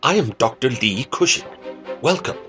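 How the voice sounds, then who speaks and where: An actor playing a sinister doctor who hosts a horror chamber, welcoming listeners in a theatrical, ominous way over music. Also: male voice, mid-range voice, expressive, normal speed, close to an everyday voice. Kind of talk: horror audio ad host.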